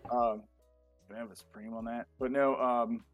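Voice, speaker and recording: A man co-hosting a casual podcast chat, an excitable fanboy who leans on fillers. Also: mid-range voice, normal speed, dull audio, faint music behind. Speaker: podcast co-host. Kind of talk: casual chat reviewing a show.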